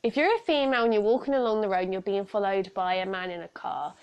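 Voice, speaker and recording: A woman's voice: mid-range voice, fast talker, clear, resonant tone, muffled recording. A young woman hosting a solo podcast from home, frank and earnest, chatting with many asides. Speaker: podcast host. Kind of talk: casual solo podcast talk on personal safety. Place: room at home.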